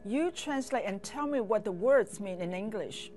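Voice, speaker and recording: A woman teaching a language lesson, speaking slowly and patiently and pausing for learners to repeat after her. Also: mid-range voice, animated, darkish tone, soft background music. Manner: slow, patient drills with pauses for repeating.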